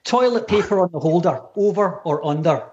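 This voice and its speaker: Scottish man, podcast host, playful teasing tone, somewhat high pitch, video call. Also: animated, a little mellow, lo-fi sound. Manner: playful, teasing quick-fire questioner. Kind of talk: casual livestream interview.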